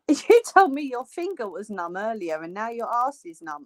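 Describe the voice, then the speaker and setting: A woman's voice: medium pitch, very animated, normal speed, hardly any pauses. A woman hosting a live crafting stream, chatting casually and joking with viewers as she sews, a little tired. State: tired, yawning. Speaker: crafting livestream host. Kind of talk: casual chat while sewing live.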